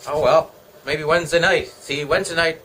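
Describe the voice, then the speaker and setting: A man's voice: a little high, steady tone, moderate pace, bright, forceful tone, a little hiss or hum, low-quality recording. A middle-aged Canadian man chatting casually at home, joking and wandering from topic to topic. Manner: joking, meandering, talks to himself. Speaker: vlogger. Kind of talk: casual rambling chat.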